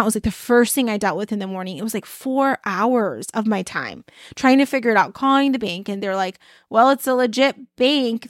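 A woman's voice: on the high side, dry recording, studio quality. A woman host telling a personal story in a casual motivational talk, chatty and addressing listeners as y'all. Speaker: podcast host and life coach.

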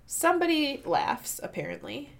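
A woman with a Midwestern accent, chatting casually as a co-host of a book discussion, rambling and animated, swearing and laughing often. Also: high voice, normal speed, vocal fry. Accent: Midwestern American.

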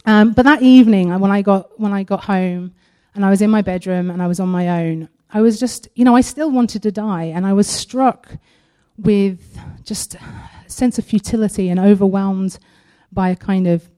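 A woman sharing a personal testimony at a church service, earnest and halting, partly reading aloud from her own writing. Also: medium pitch, warm tone. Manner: earnest and halting, with frequent pauses.

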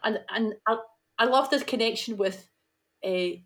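A woman's voice: a little high, unhurried, fairly bright tone. Enthusiastic woman podcast co-host. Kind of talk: casual discussion.

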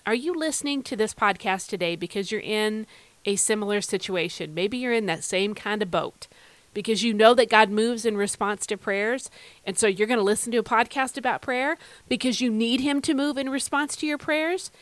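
A woman hosting a devotional podcast, talking earnestly and conversationally, asking listeners direct questions and slowing down to read verses with emphasis. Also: fairly high pitch, no echo. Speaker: podcast host.

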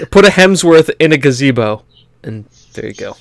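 A man co-hosting a gaming podcast in casual chat, rambling with lots of fillers and quick to laugh. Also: a little high, expressive, gravelly. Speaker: podcast co-host.

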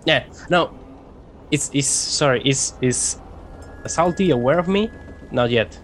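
A man's voice: mid-range voice, expressive, slow, a little hiss or hum. A man playing in a tabletop game, describing his moves in a hesitant way and often repeating words. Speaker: player.

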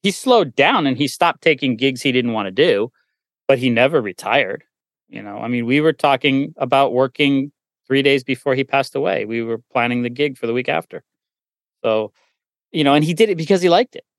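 A man's voice: medium pitch, lively intonation, normal speed, no room sound. A middle-aged man, a recording engineer and guest, telling stories casually with lots of "you know" and restarts. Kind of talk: casual storytelling in a conversation.

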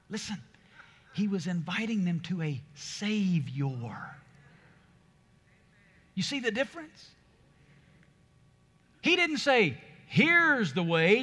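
A man's voice: high-pitched, bright, forceful tone, slightly rough. A man preaching a sermon as pastor, with emphatic rises and strong stresses on key words. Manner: preaching with emphatic, rising delivery. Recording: long hall reverb.

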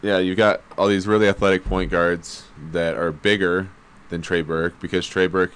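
A man with a low, resonant voice chatting casually about sports. He explains his views in a measured way, hedging and circling back with fillers. His tone is clean and smooth throughout. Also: little pitch movement, a bit bright.

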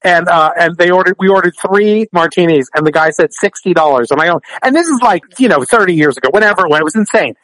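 A man joining a podcast remotely as a guest, telling stories in a lively chatty way and acting out the people in them. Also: sits high, quick pace, few pauses, no room sound, low-quality recording. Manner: animated storyteller, mimics voices in anecdotes. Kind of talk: casual chat. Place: remote, joining from the West Coast.

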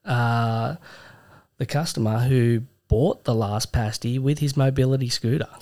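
A man's voice: medium pitch, measured pace, a little mellow. A young Australian man co-hosting a podcast, laid-back and swearing freely as he chats. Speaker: podcast co-host. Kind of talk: casual banter.

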